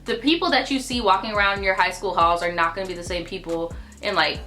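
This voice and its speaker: Young woman storytime host, sassy and blunt, bright edgy voice, a little music in the back. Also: on the low side, fast. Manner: sassy, blunt, profane asides. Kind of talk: reading viewer stories with commentary.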